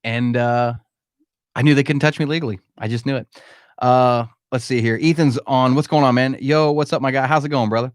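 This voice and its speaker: A podcast host runs a live-stream Q&A from a room in his home, speaking candidly and emphatically and addressing listeners as "man." His medium-pitched, resonant voice stays steady and clear at a fairly quick pace. The recording is dry and studio quality.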